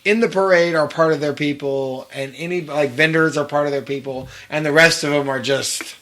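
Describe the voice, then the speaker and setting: A man's voice: fairly high pitch, fairly even intonation, normal speed, bright, forceful tone. A man co-hosting a podcast in casual chat, blunt and profane, chiming in with his own stories. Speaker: podcast co-host.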